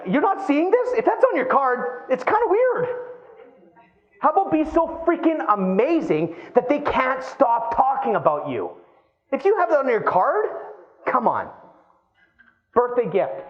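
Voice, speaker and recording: Man, keynote speaker, high lively voice, acts out voices, dull lo-fi live sound. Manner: animated, acts out quoted voices.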